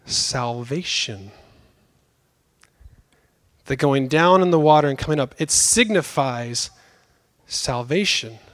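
A young adult man preaching a sermon in a conversational, emphatic way with dramatic pauses. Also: mid-range voice, animated, fairly bright tone.

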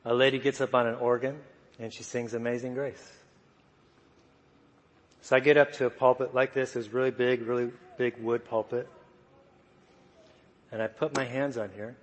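A man preaching a sermon, telling a personal story in a soft, humorous way. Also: mid-range voice, little pitch movement, normal speed, long pauses. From United States. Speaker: guest preacher. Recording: long reverb of a church hall.

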